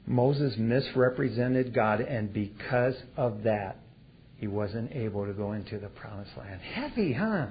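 A man preaching a sermon in a folksy way, swinging between loud and hushed delivery. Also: fairly low pitch, animated, measured pace, slight background noise. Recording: dull lo-fi recording.

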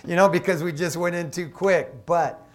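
A middle-aged man from Michigan, an associate pastor, preaching a sermon in a casual, storytelling way with lively asides. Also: high-pitched, normal speed. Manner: conversational, animated storytelling with asides.

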